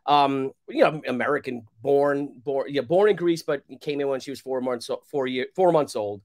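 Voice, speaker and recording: A man in his fifties, a guest on a casual live talk show, telling animated stories and laughing easily. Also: mid-range voice, normal speed. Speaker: guest comic creator.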